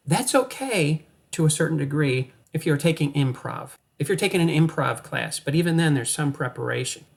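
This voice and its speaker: An energetic male acting coach talks straight to the viewer with a playful, encouraging push. His voice sits a little on the high side. He coaches with upbeat drive. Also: normal speed, gravelly. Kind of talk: coaching monologue to camera.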